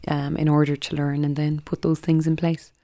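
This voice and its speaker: Irish woman teacher, measured and earnest, low flat voice. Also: faint music behind. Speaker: primary school teacher. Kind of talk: reflective interview answers.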